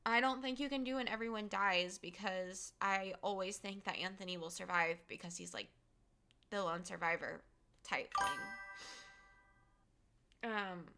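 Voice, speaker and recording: A woman's voice: mid-range voice, unhurried, pauses often, pushed and bright, slight background noise. A young woman streamer chatting casually to her viewers, rambling with lots of fillers and giggles, emotional after finishing a game. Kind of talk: casual live-stream chat.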